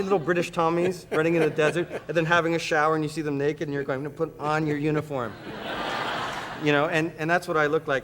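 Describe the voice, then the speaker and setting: A man from Canada, a talk-show guest, telling a comic story with lively acted-out voices. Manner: animated, acts out voices with high shrieks. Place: TV studio with live audience. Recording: TV studio audio, crowd and noise. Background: audience laughter.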